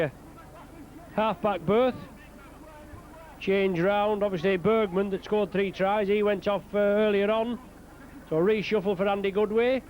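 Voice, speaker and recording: Live from an outdoor rugby league game, a man's high-sitting voice calls the action, rattling off names quickly and swelling when a score comes. Some slight background noise is audible.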